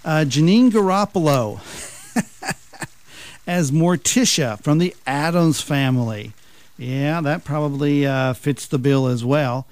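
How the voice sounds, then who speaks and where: A man's voice: on the high side, slow, a little mellow, dry recording. A man hosting a talk radio countdown, chuckling and joking with mocking asides. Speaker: radio talk show host.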